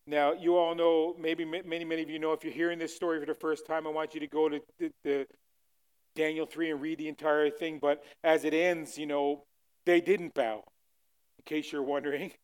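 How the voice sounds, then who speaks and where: A man preaching a sermon, retelling a scripture story, swinging from loud fervor to soft, pleading lines. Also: a little high, little pitch movement, brisk, smooth.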